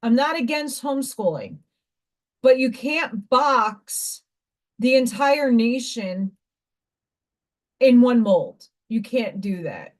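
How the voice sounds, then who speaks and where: A woman's voice: a little high, expressive, slow, pauses often. A woman hosting a livestream, her voice sitting a little above the usual range. She rambles from point to point, stresses her words hard, and breaks off to greet viewers by name. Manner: rambling and emphatic, greets viewers mid-sentence. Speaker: livestream host and school teacher. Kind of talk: casual livestream chat.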